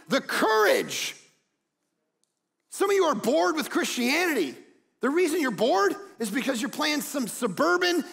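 A man's voice: extremely high pitch, gravelly. A middle-aged male pastor preaching a sermon, telling stories and acting out the people in them, building to emphatic peaks. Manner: animated, acts out quotes, builds to emphatic peaks. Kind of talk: sermon with storytelling. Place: church stage.

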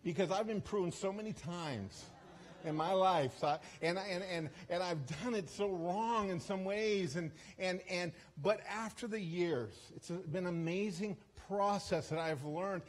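A man with a slightly high, husky voice speaks as a guest preacher at a church service. He tells a story in a loose, conversational way, laughing at himself and often restarting his sentences. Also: unhurried. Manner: chatty, self-deprecating, with frequent restarts and asides. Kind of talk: storytelling sermon.

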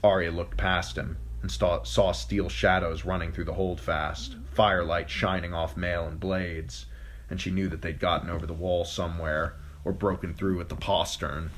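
A male audiobook narrator with a deep, low voice, reading a fantasy chapter aloud. He tells the story steadily, fixing an occasional slip as he goes. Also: little pitch movement, normal speed. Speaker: audiobook reader. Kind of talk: scripted narration.

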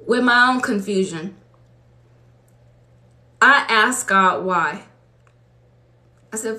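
A woman's voice: medium pitch, extremely slow, long pauses, pushed and bright. A woman preacher from Los Angeles giving a fervent, conversational testimony sermon to her congregation in a church. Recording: echoey room.

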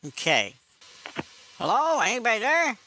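A woman's voice: a little high, very animated, normal speed, background noise. A woman voicing a cranky, foul-mouthed older man on a prank phone call, impatient and swearing. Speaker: scam baiter.

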